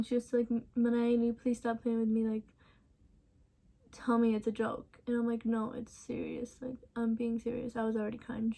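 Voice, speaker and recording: A young woman in a casual storytime vlog, recounting events softly with many ums and restarts. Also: fairly high pitch. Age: young adult. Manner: casual, soft-spoken storytelling with many fillers. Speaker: vlogger.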